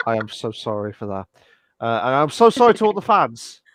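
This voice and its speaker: A man co-hosting a casual live podcast, rambling through his points with lots of fillers and quick apologies. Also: mid-range voice, very animated, noisy background. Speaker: podcast co-host.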